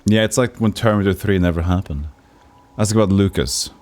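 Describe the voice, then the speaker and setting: A man's voice: deep voice, brisk, darkish tone. A man casually commenting while streaming an old role-playing game, rambling and joking. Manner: rambling, joking, mimics characters.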